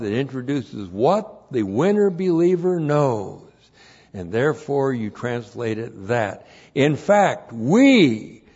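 A man pastor giving an expository sermon, deliberate and emphatic, with pauses and fillers. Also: medium pitch, mellow, dull audio. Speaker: pastor and Bible teacher.

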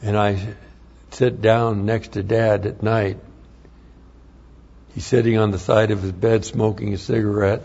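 Older guy, gravelly low voice, earnest testimony, kinda dull lo-fi sound. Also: little pitch movement, darkish tone. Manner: earnest, plain-spoken, with halting restarts. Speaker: speaker giving a personal testimony. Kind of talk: storytelling testimony. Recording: dull lo-fi recording.

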